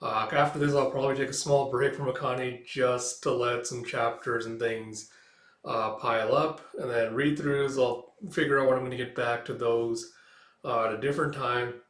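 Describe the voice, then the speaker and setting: A man's voice: mid-range voice, fairly even intonation, normal speed, a bit bright. Casual man reading comics in an echoey room. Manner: casual, many fillers. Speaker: comic read-through host. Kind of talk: casual read-through commentary.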